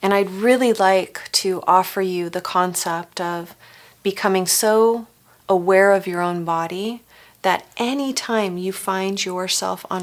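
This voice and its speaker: A woman presenting a family recovery course, coaching listeners with rhetorical questions and acted-out sample phrases. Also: mid-range voice. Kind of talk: teaching a workshop.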